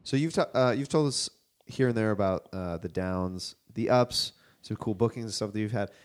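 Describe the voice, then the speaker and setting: A man with a low voice hosts a casual podcast interview. He introduces the next segment loosely, stopping and restarting as he goes. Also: moderate pace, smooth. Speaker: podcast host.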